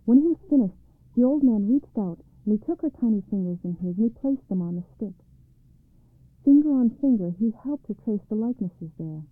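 A woman reads a storybook aloud in a calm, measured voice. Her pitch sits right in the middle of the range. The sound is thin and phone-like, with no room around it at all. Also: dry recording, soft background music. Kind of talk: storybook narration. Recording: dry, tinny phone-like sound.

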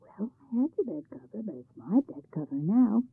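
A woman voicing a clever, cheeky farm boy, high and bright, with a husky voice and a tinny, phone-like sound. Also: big pitch swings, moderate pace, no echo, exaggerated voice.

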